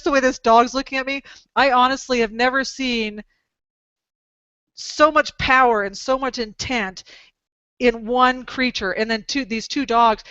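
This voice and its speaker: Woman host, bright crisp voice, animated rambling storyteller; dry, slightly dull recording. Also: sits high, no room sound. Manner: animated, rambling anecdotes with exclamations. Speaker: podcast host, dog trainer. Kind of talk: casual storytelling chat.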